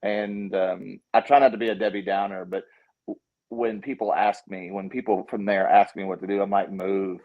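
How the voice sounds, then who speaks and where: A man's voice: fairly low pitch, normal speed, narrow, tinny audio. A man with a Southern US accent, a documentary filmmaker talking casually as a guest, telling stories and acting out quotes with lots of restarts. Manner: animated storyteller, acts out quotes, frequent restarts. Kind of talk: casual conversation.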